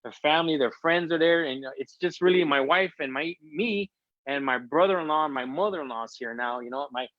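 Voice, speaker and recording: A man's voice: fairly high pitch, fairly quick, no room sound, dull audio. A middle-aged man from Chicago, a guest in a casual interview, telling a family story with feeling and acting out what people said. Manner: emotional, chatty storyteller acting out quotes.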